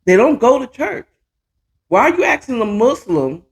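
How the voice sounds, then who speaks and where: A woman's voice: fairly high pitch, very animated, normal speed, vocal fry. A woman hosting a casual commentary chat from home, opinionated and rambling, with restarts and asides. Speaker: host. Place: home, at a computer.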